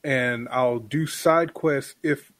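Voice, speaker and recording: A man's voice: mid-range voice, slow pace, a bit bright, no echo. Blunt man, close and dry. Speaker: podcast co-host. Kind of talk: casual chat.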